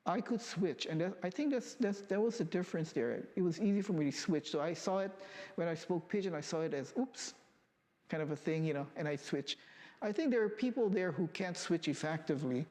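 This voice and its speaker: A man from Hawaii giving a thoughtful, measured interview answer. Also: a little high, a little mellow, big-room sound. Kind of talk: reflective interview.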